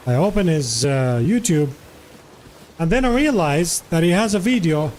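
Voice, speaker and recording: A man talks to his viewers during a live game stream, relaxed and chatty. His voice is mellow and warm. He greets people by name in a friendly way. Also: a little high, normal speed, a little hiss or hum. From Jordan. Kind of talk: casual live-stream chat.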